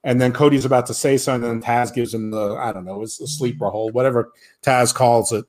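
A man's voice: mid-range voice, a little fast. A man co-hosting a podcast, recapping wrestling in a rambling, sarcastic way and mimicking the people he quotes. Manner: rambling, sarcastic, animated when quoting others. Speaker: podcast co-host. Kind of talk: casual wrestling recap chat.

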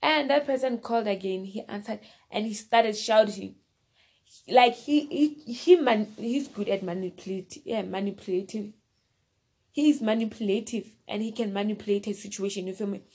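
A woman's voice: mid-range voice, moderate pace, darkish tone, slightly rough. A woman casually telling a personal story, rambling and repeating herself, often turning to the listener directly. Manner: rambling, repeats phrases and fillers.

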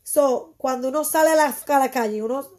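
Middle-aged woman, high voice, chatting loose and lively, mixing english and spanish. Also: fast. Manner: switches freely between English and Spanish, animated. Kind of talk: casual bilingual chat.

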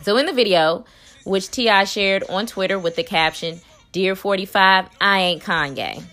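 A woman's voice: mid-range voice, normal speed, fairly bright tone, soft background music. A woman hosting an opinionated commentary show, talking in a sassy, blunt and scolding way. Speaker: host.

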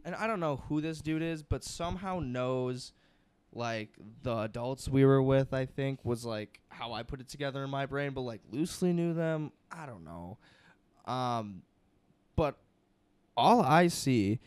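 A young man in casual podcast chat, swearing freely and telling an animated story full of quoted asides. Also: mid-range voice, unhurried, clean tone, dry recording.

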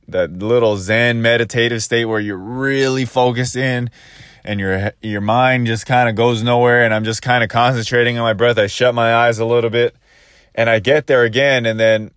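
A man's voice: medium pitch, a bit bright, smooth, no room sound, clean studio sound. A man casually telling a first-person story, rambling and restarting as he quotes his own thoughts.

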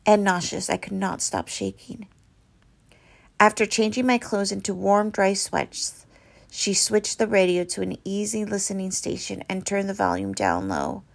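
A woman reading a novel aloud, with dramatic storytelling that turns soft and hushed in quiet passages. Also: medium pitch, gravelly. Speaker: reader.

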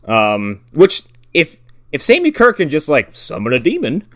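A man's voice: on the high side, wildly swooping pitch, normal speed, fairly bright tone, no room sound, studio quality. A man on a film podcast, adding wry, joking asides in casual talk.

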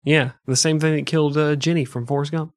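A man's voice: fairly high pitch, brisk, dry recording. Man, podcast co-host, casual joking chat, lots of swearing, dry close sound. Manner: profane, joking, animated.

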